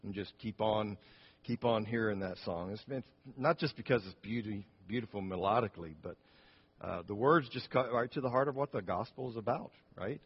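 A man's voice: fairly low pitch, moderate pace, slightly rough. Man preaching in a church, chatty with lots of asides, dull muffled recording. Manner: conversational, with frequent restarts and asides. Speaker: pastor. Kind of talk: sermon storytelling. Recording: dull sound with long church reverb.

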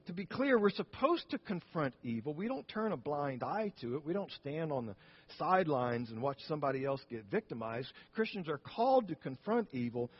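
A man's voice: on the high side, slightly rough, lo-fi sound. A man pastor preaching a sermon, telling a story earnestly and often restarting his phrases.

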